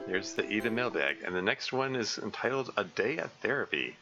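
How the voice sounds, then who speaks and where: Guy rambling on his game stream, lots of restarts, lowish voice, faint music behind. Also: animated, highs cut off. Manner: halting and rambling, thinking aloud with many restarts. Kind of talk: live stream reading a visual novel.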